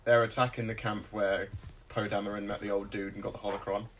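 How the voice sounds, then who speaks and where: A man's voice: lowish voice, little pitch movement, quick pace. A man co-hosting a podcast, chatting casually about films and now and then mimicking characters. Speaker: podcast co-host. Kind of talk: casual film discussion. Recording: distant mic with faint noise.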